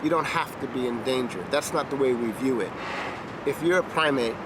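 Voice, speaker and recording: A man's voice: medium pitch, brisk, noisy background. A man who runs an animal rescue centre, speaking firmly and on principle in an interview. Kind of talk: interview to camera.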